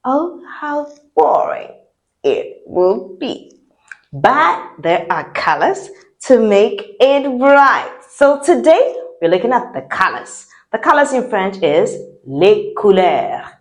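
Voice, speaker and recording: A woman teaching a French lesson, saying each word slowly and repeating it for learners to copy. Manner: slow, deliberate, repeats each word with lively pitch. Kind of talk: language lesson with repeat-after-me drills.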